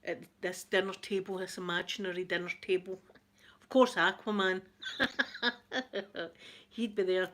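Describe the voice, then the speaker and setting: A woman's voice: mid-range voice, steady tone, measured pace, fairly bright tone, a little hiss or hum. A middle-aged woman with a Scottish accent, hosting a casual chat with viewers and reading out their comments. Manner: chatty, reads out viewer comments, laughs often. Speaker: ASMR livestream host.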